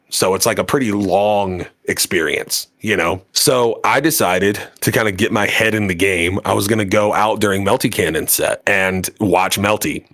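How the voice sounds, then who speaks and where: His voice is fairly low in pitch with a fairly bright tone. He co-hosts a podcast, spinning a rambling story in casual conversation full of filler words and swearing.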